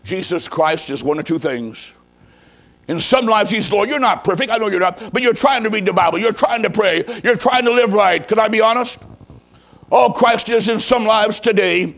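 A man preacher telling a story in a sermon, dramatic, swinging from hushed low tones to loud emphasis. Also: normal speed, low-quality recording.

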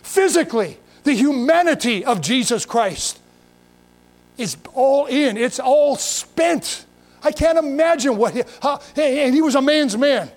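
High-voiced man preaching a folksy sermon. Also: lively intonation, measured pace. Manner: folksy, emphatic preaching with repetitions and asides. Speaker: pastor.

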